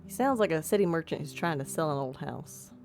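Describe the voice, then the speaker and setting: Low-voiced woman reading a game aloud. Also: expressive, brisk, darkish tone, faint music behind. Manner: reads game text aloud, self-deprecating asides. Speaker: streamer. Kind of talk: let's-play narration and commentary.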